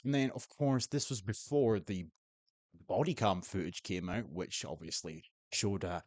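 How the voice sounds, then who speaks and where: A man delivers opinionated commentary in a fairly low voice, recorded dry and close. He talks bluntly and sarcastically, with frequent swearing. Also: unhurried, a little mellow, dry recording. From Scotland. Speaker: political commentator.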